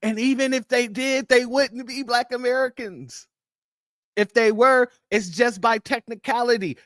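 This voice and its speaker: Emphatic man lecturing, high voice. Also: sharp tone, no room sound, clean studio sound. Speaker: commentator. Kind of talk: opinionated monologue.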